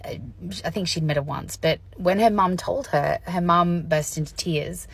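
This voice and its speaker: Woman vlogger, low husky voice, candid and chatty, laughs a lot. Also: normal speed. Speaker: vlogger sharing personal experience. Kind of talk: casual educational talk to camera.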